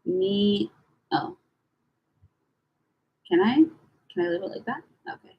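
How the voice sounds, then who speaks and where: A young woman chatting casually to camera as she sorts through her files, rambling and swearing with slangy, animated talk. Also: mid-range voice, measured pace, slightly rough, muffled recording. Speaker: vlogger.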